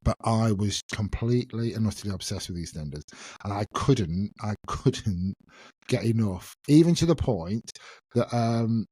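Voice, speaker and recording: A man's voice: on the low side, animated, unhurried, dark tone, husky. A man, hosting a casual solo podcast and chatting in a self-mocking way, laughing often. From England. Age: 50s. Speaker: podcast host.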